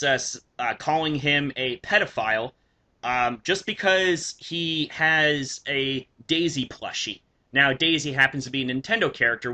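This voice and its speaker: A man's voice: a little high, sharp tone. A young man in a vlog, ranting indignantly about screenshots, swearing often and stumbling through fillers and restarts. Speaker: YouTuber. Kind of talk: ranting commentary over screenshots.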